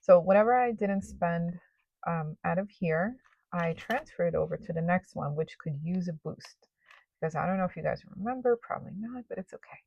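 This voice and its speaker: Young woman chatting away about her cash envelopes, lots of um and like, slightly gravelly and lowish. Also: moderate pace, a little mellow, dull audio, slight background noise. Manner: chatty and rambling, with many fillers. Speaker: budgeting vlogger. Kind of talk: casual cash-stuffing commentary.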